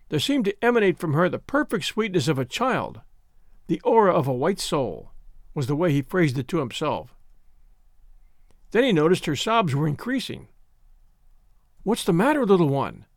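Man, story narration, expressive measured reading, lively pitch, dry close mic. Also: no room sound.

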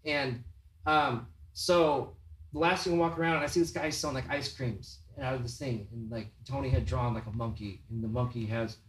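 A man's voice: medium pitch, moderate pace, distant mic. A young man hosting a podcast, telling a casual story with lots of swearing and acted-out voices of the people in it. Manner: animated, swearing, acts out quoted voices. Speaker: podcast host, tattoo artist. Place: tattoo shop room. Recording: roomy, off-mic sound.

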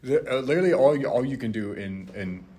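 A man's voice: mid-range voice, expressive, fast, warm tone. A young man, a podcast co-host telling rambling stories in casual chat. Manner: rambling storyteller, many restarts.

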